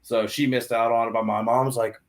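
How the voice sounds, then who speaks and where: A young adult man telling a hunting story on a podcast in an excited, animated way, with many restarts. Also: medium pitch, moderate pace. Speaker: podcast guest. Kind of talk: casual storytelling.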